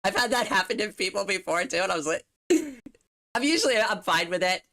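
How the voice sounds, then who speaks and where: A woman's voice: medium pitch, fairly quick, pushed and bright. A woman streamer chatting casually at home on a desktop mic, rambling with lots of fillers and frequent giggles. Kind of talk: casual livestream chat.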